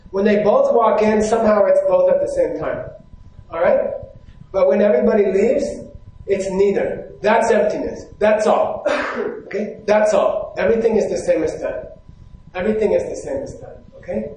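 A man's voice: high voice, mellow. A man giving a Buddhist teaching talk from a stage to a live audience, talking conversationally and often checking in with "right?". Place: stage in a large hall. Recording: very echoey hall.

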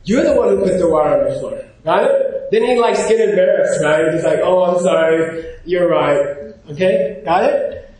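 A man giving an informal, animated lecture, often pausing to check in with his class. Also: sits high. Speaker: teacher. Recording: very echoey room.

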